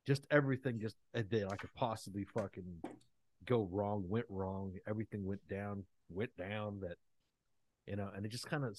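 A man's voice: fairly low pitch, darkish tone. A man co-hosting a podcast, talking casually and animatedly, swearing freely as he tells stories. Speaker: podcast co-host. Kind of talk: casual chat.

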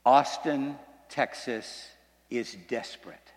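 A man's voice: a little high, normal speed. Male preacher in a reverberant hall. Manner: dramatic, swings from loud to hushed. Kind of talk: sermon storytelling. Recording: long reverb in a large hall.

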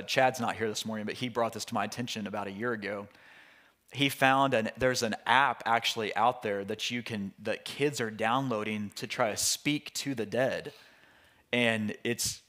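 A male pastor teaches through a Bible passage in a relaxed, conversational way, frequently restarting and going off on asides. His voice is medium-pitched.

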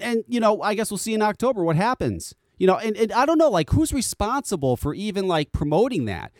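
Animated, swearing American podcast host. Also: male voice, sits high, no room sound, studio quality. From United States. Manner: animated, swearing, repeats words. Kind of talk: casual podcast rant.

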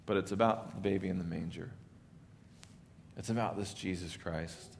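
A male pastor giving an earnest Christmas sermon, rising in force, then dropping to soft emphasis. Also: sits low, steady tone, moderate pace, creaky, slight background noise.

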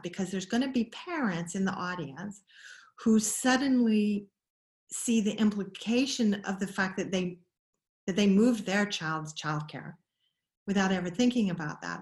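A middle-aged woman explains her views in a conversational interview. She thinks aloud, pausing and restarting sentences as she goes. Her voice sits at an ordinary pitch, and the room around her adds a clear echo. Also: darkish tone. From Scotland. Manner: thoughtful, many restarts and pauses. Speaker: guest expert on child attachment. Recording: roomy echo.

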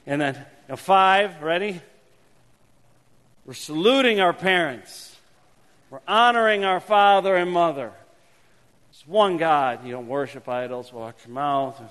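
A man pastor leads his congregation through a playful hand-gesture game in his sermon. His voice sits a little high and moves between animated calls and hushed asides. A long reverb from the church hall trails each phrase. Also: a little slow, pauses often. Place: church sanctuary.

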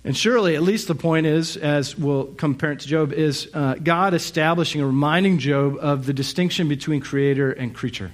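A middle-aged man preaching a Sunday sermon in a slightly higher register. He moves through reflective, searching thoughts and leans on rhetorical questions, with the odd filler between his points. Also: moderate pace, hardly any pauses. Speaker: pastor.

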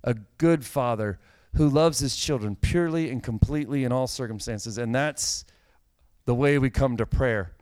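A middle-aged pastor with a clear, resonant, mid-range voice preaches at normal speed on a dry recording. His sermon is conversational, and his storytelling grows more animated, with a dry joke along the way.

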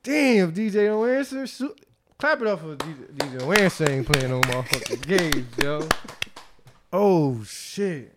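A middle-aged man hosting a podcast, telling stories in a loose, profane, animated way with frequent laughter. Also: on the high side, a little slow, very noisy. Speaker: podcast host. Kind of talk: casual chat.

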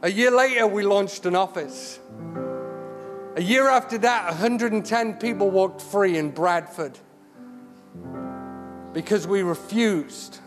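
A charity CEO serving as guest preacher delivers an impassioned sermon in a high-sitting voice, slow and full of pauses. He repeats words as he builds, with hall reverb and music in the recording.

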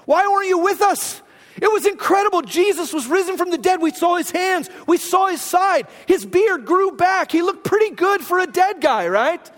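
Eager, breathless disciples acted out by a male preacher exclaim in a very high, lifted voice. Their words ring through a big hall with a long tail of reverb that lingers after each line. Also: animated, normal speed. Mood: excited.

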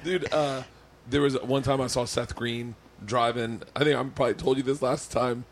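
A man's voice: medium pitch, fairly even intonation, moderate pace. A man hosting a podcast, talking loosely and profanely in casual chat. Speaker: podcast host.

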